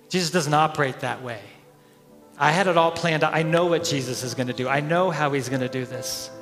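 A man preaching in a fairly high voice, animated, slipping into the voices of the people in his story. His words ring out with the long echo of a large hall. Soft music plays faintly beneath him. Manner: animated preaching, acts out crowd voices, chuckles often. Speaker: head pastor. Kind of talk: sermon.

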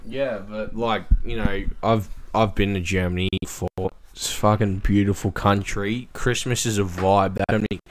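Laid-back Australian guest, low voice, easy crude banter. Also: male voice, fairly even intonation, moderate pace, hardly any pauses. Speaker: podcast guest. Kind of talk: casual chat.

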